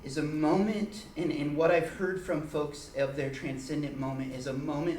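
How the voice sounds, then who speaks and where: A man leading an informal church teaching, telling a personal story in an earnest, halting way with many restarts. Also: a little high, steady tone, a little mellow. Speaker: church group leader. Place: church meeting room. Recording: echoey room, mic far off, faint hiss.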